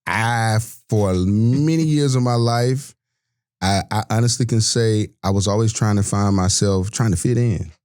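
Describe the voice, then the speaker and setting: A man's voice: fairly low pitch, a little slow, darkish tone, clear, resonant tone. Man, 40s, earnest, reflective, restarts his sentences. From Georgia, US. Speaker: podcast guest, sports broadcaster. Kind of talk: candid personal storytelling.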